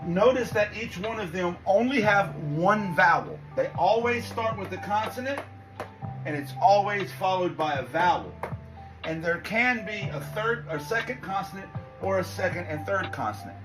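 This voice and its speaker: A man giving a quick language lesson, reassuring and encouraging as he explains. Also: high-pitched, lively intonation, poor audio. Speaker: language teacher. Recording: music playing behind.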